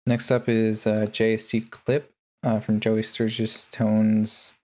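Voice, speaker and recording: A man talking through his bass mixing chain in a casual tutorial, laid-back and full of ums and uhs. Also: monotone, slow, darkish tone. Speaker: music producer.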